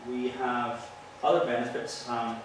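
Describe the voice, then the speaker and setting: A man's voice: mid-range voice, monotone, unhurried, noisy background. Cop guy giving a training talk, earnest, explains things with stories, far from the mic in a really echoey hall. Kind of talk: presentation to an audience.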